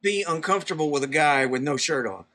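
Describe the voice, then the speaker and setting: A man's voice: a little high, animated, quick pace, bright, forceful tone. A man with a West Virginia accent, hosting a casual front-porch interview and playfully teasing his guest. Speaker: host.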